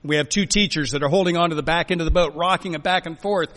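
Emphatic male pastor, bright, in a reverberant hall. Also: on the high side, quick pace, slight background noise. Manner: emphatic, swings from loud exhortation to soft quiet lines. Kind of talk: sermon.

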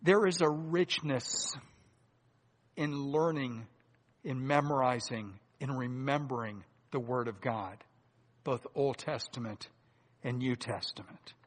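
A man preaching a sermon in a deliberate, earnest way, swinging between loud emphasis and hushed asides. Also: medium pitch. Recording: long hall reverb.

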